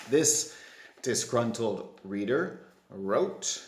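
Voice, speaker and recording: A man's voice: on the low side, animated, unhurried. A man hosting a book quiz, chatty and self-deprecating with playful asides. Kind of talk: casual quiz presentation to camera. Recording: roomy echo.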